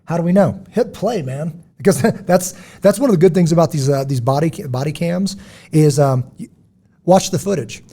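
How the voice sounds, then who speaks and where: A man talking on a podcast in a blunt, preachy, emphatic way. His voice sits a bit high but sounds dark and mellow, with a husky rasp to it. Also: expressive, a little fast. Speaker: podcast host. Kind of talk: casual podcast discussion.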